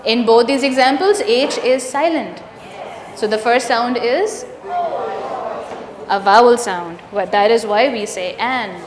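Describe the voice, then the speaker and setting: A woman's voice: on the high side, slow pace, pauses often, noisy background. A woman leading an interactive teacher training workshop, asking the room questions and confirming their answers. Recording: echoey room with long reverb.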